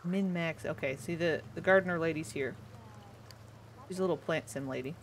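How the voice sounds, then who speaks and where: A woman's voice: deep voice, moderate pace, a little hiss or hum. A woman in her twenties chatting casually as she streams a game, giggly and rambling, with many restarts. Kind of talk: casual gameplay commentary.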